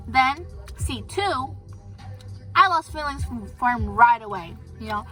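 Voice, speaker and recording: A woman's voice: sits high, animated, measured pace, fairly bright tone, soft background music. A teenage girl vlogging, telling gossipy stories about her crushes in casual chat. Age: teens. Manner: chatty, gossipy storytelling.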